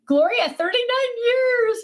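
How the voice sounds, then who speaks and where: A woman's voice: very high voice, expressive, measured pace. A woman hosting a casual livestream from her desk, chatting about herself and answering viewers' comments in a self-mocking, chatty way. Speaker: livestream host. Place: home desk.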